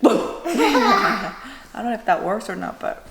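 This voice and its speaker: A woman's voice: fairly high pitch, sing-song, slow pace, fairly bright tone, echoey room, slight background noise. A woman chatting casually while making food at home for a mukbang vlog, rambling and joking to herself. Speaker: food vlogger. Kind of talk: casual mukbang cooking chat. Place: home kitchen.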